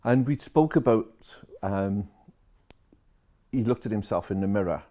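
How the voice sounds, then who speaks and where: A man's voice: lowish voice, a little slow, warm tone. A man, a social care worker telling a story to camera and retelling each conversation line by line.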